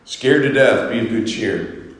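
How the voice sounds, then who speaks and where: A man preaching a Sunday sermon as pastor, swinging from soaring exhortations to hushed, quiet lines. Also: mid-range voice, expressive, unhurried. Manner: preaching with sweeping rises and hushed drops. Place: church sanctuary. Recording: echoey reverberant hall.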